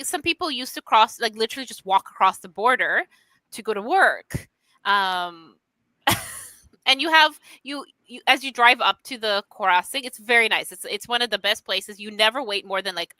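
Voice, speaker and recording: A woman's voice: medium pitch, animated, moderate pace, pushed and bright, no echo. A Canadian woman ranting in casual podcast chat, swearing freely.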